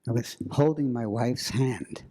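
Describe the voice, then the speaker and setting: Slow, suspenseful male storyteller. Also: medium pitch, dark tone. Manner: slow and dramatic, with suspenseful pauses. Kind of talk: live storytelling.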